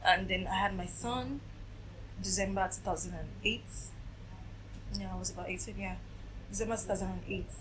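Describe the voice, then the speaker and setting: A woman's voice: mid-range voice, moderate pace, pauses often, background noise. A woman in her late twenties, recounting her own story as a TV interview guest and acting out what others said. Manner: animated storytelling, acting out quoted voices. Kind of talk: emotional personal testimony.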